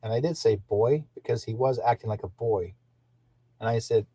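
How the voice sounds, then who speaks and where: Indignant older man, husky voice. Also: medium pitch, normal speed, warm tone, no room sound. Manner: indignant, repetitive, restarts often. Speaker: livestream host. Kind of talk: rambling livestream talk.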